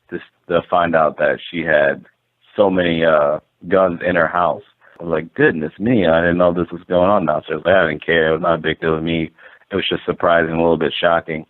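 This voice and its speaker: A man, a landlord guest, telling a story casually and rambling, full of "like" and acted-out quotes. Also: deep voice. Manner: rambling, animated, lots of "like" and quoted dialogue. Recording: tinny phone-like line.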